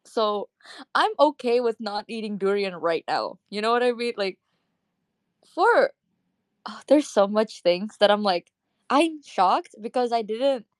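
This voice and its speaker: A woman's voice: mid-range voice, no echo. A young woman from Indonesia chatting casually in a live audio room, rambling, swearing freely and laughing often. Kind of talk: casual chat.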